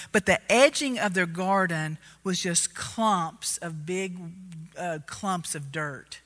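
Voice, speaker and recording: A woman telling a story in a sermon, animated and loud, getting louder as she gets excited. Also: mid-range voice. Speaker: preacher. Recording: reverberant hall.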